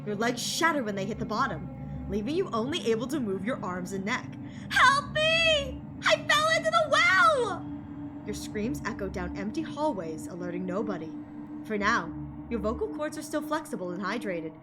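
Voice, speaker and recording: A young woman streaming a video game, reading its text aloud and reacting with excitable, dramatic outbursts. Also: medium pitch, fairly quick, over loud music. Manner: excitable, laughing, dramatic shouts.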